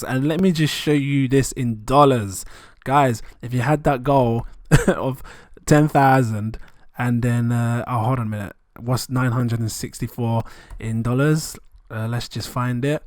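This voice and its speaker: A man, rambling excitedly and chuckling often as he talks through numbers in a casual vlog. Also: medium pitch, unhurried, no room sound, studio quality. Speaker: crypto vlogger.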